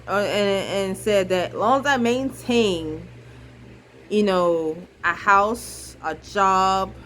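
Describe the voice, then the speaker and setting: A woman's voice: medium pitch, a bit bright, slight background noise, low-quality recording. A young woman venting on a vlog, frustrated and blunt, repeating herself and swearing freely. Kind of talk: emotional casual monologue.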